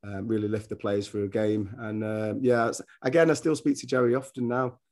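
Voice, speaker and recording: Low-voiced former footballer telling stories. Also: male voice, fairly even intonation, brisk, darkish tone. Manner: rambling anecdotes with many restarts. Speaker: former footballer and coach, guest. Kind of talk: casual podcast interview.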